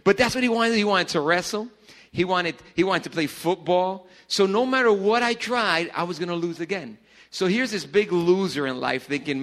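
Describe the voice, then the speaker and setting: A middle-aged man preaching a casual youth sermon in a church hall, joking and swinging between loud bursts and hushed lines. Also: sits high, moderate pace. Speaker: pastor.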